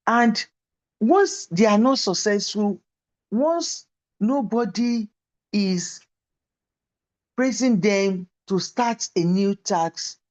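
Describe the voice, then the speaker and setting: A woman's voice: medium pitch, very slow, pauses often, a little mellow, highs cut off. A woman lecturer giving a university lecture and teaching through personal stories.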